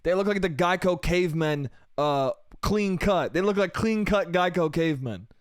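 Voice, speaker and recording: Smooth-voiced guy ranting, swearing constantly. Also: sits high, lively intonation, moderate pace, no room sound, studio quality. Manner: profane, rambling, self-mocking, says dude and bro. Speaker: podcast host. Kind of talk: solo comedic podcast rant.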